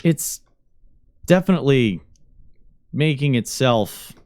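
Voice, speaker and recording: A man narrating a tabletop role-playing scene as game master, describing the setting in a halting, searching way. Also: medium pitch, expressive, darkish tone.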